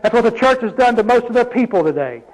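A man's voice: extremely high pitch, expressive, quick pace, a little mellow, rough recording. A man preaching a sermon in an emphatic, folksy way, full of rhetorical questions.

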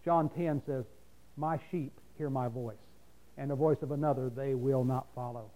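A man's voice: medium pitch, steady tone, normal speed, warm tone. A preacher giving a folksy, conversational sermon, often asking his listeners "See?". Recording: dull lo-fi sound.

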